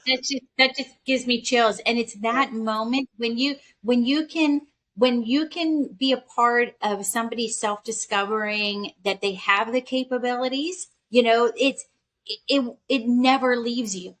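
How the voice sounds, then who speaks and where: A woman's voice: a little high, measured pace, fairly bright tone. A woman from Pittsburgh, a podcast guest, answering in a heartfelt way. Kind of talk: casual interview chat.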